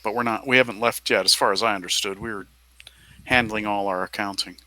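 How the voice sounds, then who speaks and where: Bright-voiced man running a game. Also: on the low side, steady tone, brisk, no room sound, poor audio. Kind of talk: tabletop game play.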